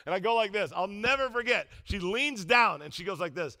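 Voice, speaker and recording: A man pastor preaching a sermon in a church, telling a story with lively call-and-response to the congregation. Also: high voice, fast talker, hardly any pauses. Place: church auditorium.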